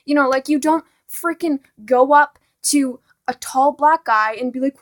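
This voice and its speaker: A woman's voice: sits high, measured pace, few pauses. A teenage girl vlogging a casual, exasperated rant, full of "like" and "honestly". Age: teens.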